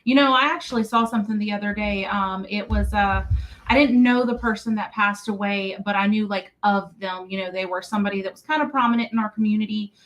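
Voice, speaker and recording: A woman's voice: mid-range voice, steady tone, fairly quick, fairly bright tone, low-quality recording. Earnest woman insurance agent guest. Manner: earnest, conversational. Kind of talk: radio interview.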